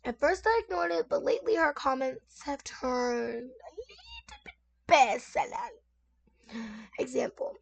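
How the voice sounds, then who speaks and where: Chatty high-voiced woman reading stories. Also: huge pitch swings, takes it slowly, gravelly, husky. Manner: chatty, talks straight to viewers with many asides. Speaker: content creator reading online stories. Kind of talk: casual story reading and reacting. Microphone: desk microphone at lowered sensitivity.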